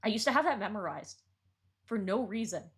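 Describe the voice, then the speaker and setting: A woman talks casually on a live stream, reviewing song lyrics with excited, rambling commentary. Her speech is full of fillers and quick restarts. Her pitch sits mid-range for a woman. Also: husky. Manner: chatty and excitable, frequent "like" and restarts.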